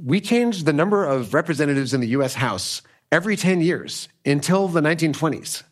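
A man from the United States, an author being interviewed, explaining ideas in an emphatic, animated way. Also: a little high, fairly quick. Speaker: author and guest. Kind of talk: political interview.

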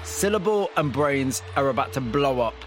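A man presenting a radio show, narrating a script and interviewing a guest in a measured, empathetic way. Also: medium pitch, lively intonation, a little hiss or hum.

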